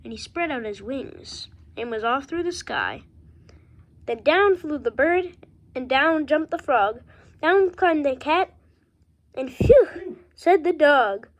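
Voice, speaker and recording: A woman reading a rhyming picture book aloud with a steady rhythm. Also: sits high, slow pace. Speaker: reader.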